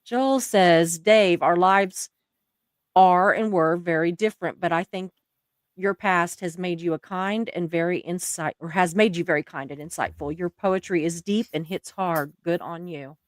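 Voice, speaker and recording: A chatty Southern woman hosts a relaxed livestream. She laughs often as she reads out viewer comments. Her voice sits at an average pitch and is recorded dry and close. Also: unhurried, no echo. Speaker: livestream host. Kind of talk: casual chat reading viewer comments.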